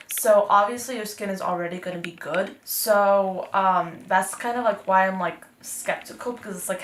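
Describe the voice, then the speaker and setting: A woman's voice: medium pitch, creaky, fairly bright tone, roomy sound, slight background noise. An eighteen-year-old woman from North Texas, chatting casually and upbeat through a beauty vlog with lots of fillers. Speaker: beauty vlogger. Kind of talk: casual anti-haul chat.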